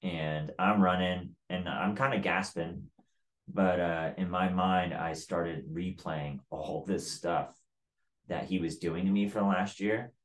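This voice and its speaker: Deep voiced guy telling a story, blunt, swears a lot, says like constantly. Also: steady tone, slow pace. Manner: profane, blunt, fillers of "like". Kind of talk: casual storytelling.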